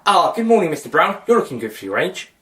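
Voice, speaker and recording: Overly cheerful, sing-song neighbour character, pitched well up, played by a man. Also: very animated, quick pace, a bit bright, echoey room, far from the mic. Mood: chirpy.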